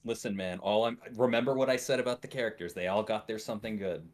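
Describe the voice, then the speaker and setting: A man's voice: lowish voice, fast talker. A man chatting casually as a guest, making offhand jokes. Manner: joking, offhand. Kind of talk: casual chat.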